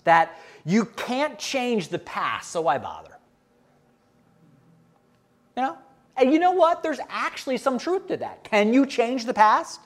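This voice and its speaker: Brief: middle-aged man, pastor, conversational sermon, lively up-and-down delivery. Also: very high-pitched, measured pace, long pauses. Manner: conversational, asks the congregation questions.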